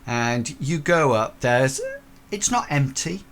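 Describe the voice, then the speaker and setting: A man's voice: mid-range voice, expressive, slow. A man narrating a tabletop horror game as game master, rambling through many fillers and restarts.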